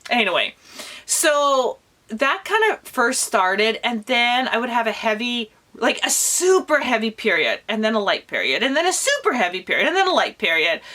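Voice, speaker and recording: Woman, around forty, fairly high voice, candid personal vlog, chatty, lots of fillers. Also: sing-song, moderate pace, bright, forceful tone. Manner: chatty and candid, with many fillers such as "like" and "you know". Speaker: homesteading vlogger.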